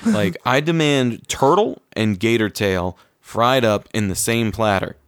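A man's voice: fairly low pitch, expressive, unhurried, clean tone, no room sound, clean studio sound. A man co-hosting a casual podcast chat, crude and joking, rambling with restarts. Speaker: podcast co-host. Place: lives in Florida. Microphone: own dedicated microphone.

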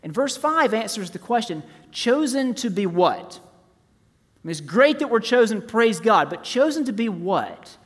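A man's voice: high-pitched, big pitch swings, a little slow. Preaching man in a reverberant hall. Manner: swings between loud emphasis and hushed, near-whispered softness. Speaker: pastor. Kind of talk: sermon. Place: church sanctuary. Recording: long reverb of a large hall.

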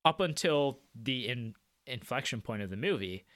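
Bright-voiced man in his thirties. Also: mid-range voice, lively intonation, moderate pace, no room sound, studio quality. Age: 30s. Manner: explanatory, shares film trivia. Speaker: podcast co-host. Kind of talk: casual film discussion.

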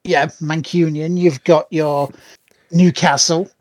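A man's voice: fairly high pitch, steady tone, slow, a little mellow, no echo. Blunt man, dry close sound. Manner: blunt, swearing, wry. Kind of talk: casual chat.

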